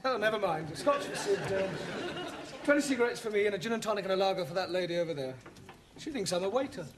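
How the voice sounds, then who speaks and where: A man's voice: high voice, expressive, fast, crowd noise, noisy background. An actor playing a polite, flustered male English teacher in a sitcom, clipped and exasperated. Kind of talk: 1970s sitcom acting.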